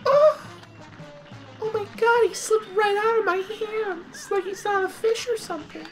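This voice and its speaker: A shrill, flustered woman squeals in an exaggerated falsetto, as a man puts her on. Her pitch sits extremely high, with faint game music underneath. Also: unhurried, a bit bright, low-quality recording.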